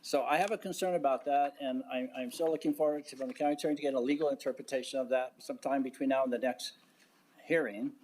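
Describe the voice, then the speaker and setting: A man speaking at a public government meeting, working through his point with many pauses, fillers and restarts. His voice sits at an ordinary middle pitch for a man. He sounds deliberate and measured. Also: fairly even intonation, a little mellow. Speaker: county commissioner. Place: county commission chamber.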